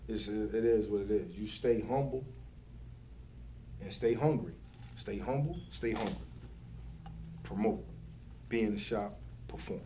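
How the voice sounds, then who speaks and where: A man's voice: lowish voice, steady tone, unhurried, pauses often, mellow, slight background noise. A young man, a barber giving advice to new barbers in casual, profane chat, repeating his catchphrases. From Philadelphia. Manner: loose, swearing, repeats catchphrases.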